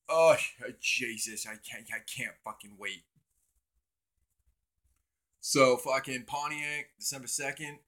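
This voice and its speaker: A man's voice: medium pitch, fairly bright tone. A young man hosting a casual livestream on his cell phone, rambling and swearing as he talks to viewers in chat. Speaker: livestream host.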